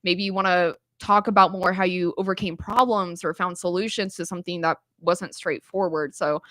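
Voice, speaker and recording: A woman as a podcast guest, telling stories in an animated, casual way with lots of "like" and laughter. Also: on the low side, normal speed, dry recording. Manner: animated storytelling, frequent "like" and laughter. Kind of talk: casual chat.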